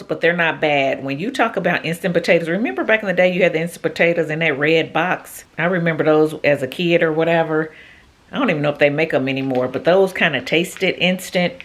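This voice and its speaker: A woman with a notably low, deep voice talks through her cooking in a casual, chatty vlog. She speaks straight to her viewers from her home kitchen, with homey asides as she goes. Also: a bit bright. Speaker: vlogger.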